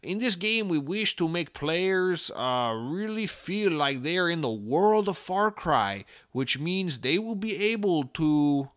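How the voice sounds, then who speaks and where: A man's voice: lively intonation, fairly bright tone, no room sound, clean studio sound. Man doing a mock French game executive. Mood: mock-earnest. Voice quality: bad mock French accent, slow and drawn out. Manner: mocking, overly earnest corporate pitch. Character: pompous male French game studio executive.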